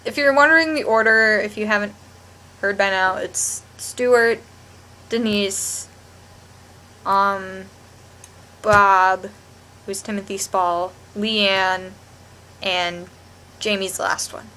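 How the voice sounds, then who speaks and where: A woman's voice: mid-range voice, fairly even intonation, slow, pauses often, sharp tone. A young woman vlogging a rambling, gushing TV review with lots of restarts. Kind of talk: casual chat to camera.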